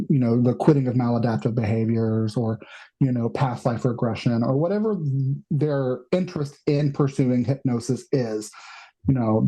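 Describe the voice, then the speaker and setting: A man's voice: medium pitch, mellow, slightly rough, rough recording. A man hosting a podcast, talking in a loose, joking, conversational way. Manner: talkative, joking, loose phrasing. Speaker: podcast host. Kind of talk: casual podcast chat.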